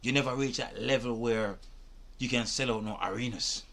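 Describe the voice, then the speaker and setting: A man's voice: mid-range voice, normal speed, fairly bright tone. A man giving emphatic, rhetorical commentary on a video, repeating his questions and swearing as he makes his point. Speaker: reaction video host. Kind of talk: animated commentary to camera.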